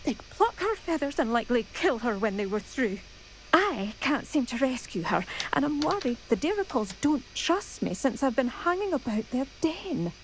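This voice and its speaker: A woman with a soft Scottish accent voicing a gentle woman in a video game who dotes on a rare bird. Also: high voice, sing-song, moderate pace, a little hiss or hum, low-quality recording. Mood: earnest. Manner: soft, doting, earnest. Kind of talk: game character dialogue.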